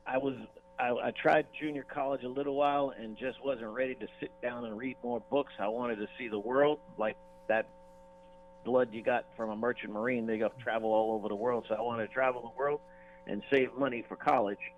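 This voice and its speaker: A man's voice: mid-range voice, steady tone, a little fast. A man calling in to a radio interview, speaking in an easygoing, self-mocking way. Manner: easygoing, laughs at himself. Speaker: guest. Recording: tinny phone line with faint hiss and hum.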